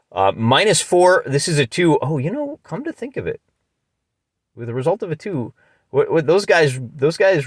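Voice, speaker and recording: Heard in a dry recording, a middle-aged Midwestern American man with a mid-range voice chats through a solo tabletop battle. He calls the play casually, joking as he goes and frequently restarting mid-phrase.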